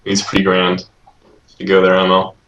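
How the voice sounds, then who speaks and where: Man, low bright voice, laid-back analytical game co-commentator, echoey room. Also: completely flat delivery, normal speed, a little hiss or hum. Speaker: esports co-commentator. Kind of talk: casual live-stream commentary. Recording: echoey room on a stream mic.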